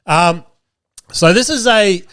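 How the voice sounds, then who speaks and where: A man's voice: sits high, takes it slowly, a bit bright, smooth, no room sound, studio quality. A man, telling casual stories as a podcast host, swearing freely and acting out quoted lines. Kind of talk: casual storytelling.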